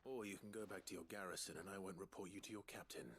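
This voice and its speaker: An actor playing a stoic young warrior who speaks tersely and keeps control. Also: male voice, low voice, fast talker, background noise, lightly acted. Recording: game audio with faint ambience.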